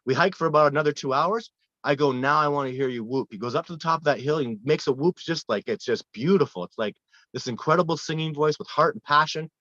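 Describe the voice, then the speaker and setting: A man who guides wilderness expeditions, telling earnest, animated stories in a casual interview with frequent restarts. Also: fairly high pitch, quick pace, dry recording. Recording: dull, lo-fi dry sound.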